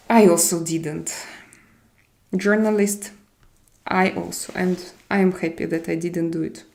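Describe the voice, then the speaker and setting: A woman with a Russian accent chats her way through a live stream, answering viewers one comment after another. Her voice is dark and mellow, with a gravelly, creaky edge. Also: fairly low pitch, fairly even intonation, a little slow, long pauses. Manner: chatty, answers viewers' comments, switches between languages. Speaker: live-stream host reading chat. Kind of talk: casual live-stream chat.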